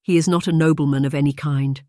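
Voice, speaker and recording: A narrator doing a gentle, well-bred Englishwoman. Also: mid-range voice, fairly even intonation, fast, no echo, clean studio sound, natural voice. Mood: earnest. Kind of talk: audiobook character voice.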